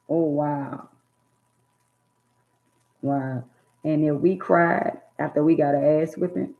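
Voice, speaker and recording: A woman in casual chat about her childhood, talking in an animated way and acting out scolding parents in loud bursts. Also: low-pitched, slow pace, gravelly, pauses often. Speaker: storyteller recalling childhood. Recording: tinny phone-like sound.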